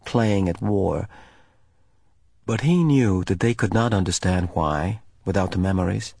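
A man narrating an audiobook in a measured, calm manner. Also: sits low, gravelly, breathy edge, dry recording, clean studio sound.

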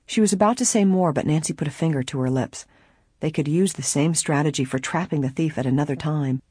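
A narrator reading a mystery novel aloud in a steady, even storytelling manner. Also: medium pitch, a little fast, husky, no room sound, studio quality.

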